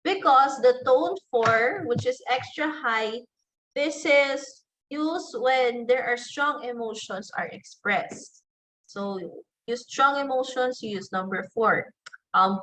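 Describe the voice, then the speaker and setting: Filipino english lady teacher, kinda high voice, talks real slow, repeats the examples. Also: fairly bright tone, poor audio. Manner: slow, deliberate, repeats example phrases aloud. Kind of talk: online class lecture.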